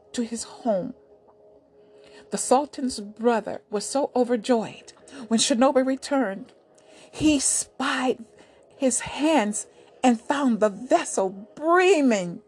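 Soft, breathy woman telling a story. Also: fairly high pitch. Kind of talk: storybook narration.

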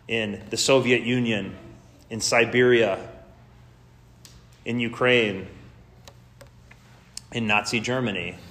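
Guy pastor giving a sermon, laid back and chatty, mid-pitched voice. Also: a bit bright. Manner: casual, conversational preaching with slangy asides.

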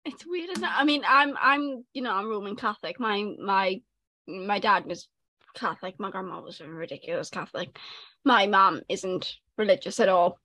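A woman's voice: medium pitch, normal speed, bright, forceful tone. A young woman, a podcast co-host, chatting casually and laughing in a candid, chatty way. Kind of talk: casual chat.

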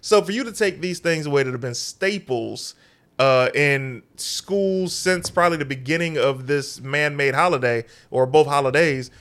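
A man co-hosting a casual podcast, giving measured, emphatic opinions. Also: on the high side, a bit bright. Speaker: podcast co-host. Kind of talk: casual chat.

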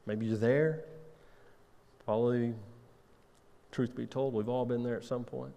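A man's voice: medium pitch, steady tone, a little slow, creaky, mellow, big-room sound. A man preaching a sermon as pastor, talking conversationally and asking his listeners rhetorical questions.

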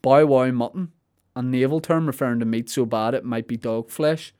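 Sweary comedian riffing. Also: male voice, mid-range voice, normal speed, dark tone, clean tone. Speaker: comedian and podcast host. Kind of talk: comedic podcast monologue.

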